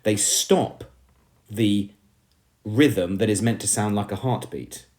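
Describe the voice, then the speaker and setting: English male teacher, lower voice, lively classroom explainer. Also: takes it slowly. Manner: emphatic, addresses the class as everybody. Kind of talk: classroom lesson on poetry.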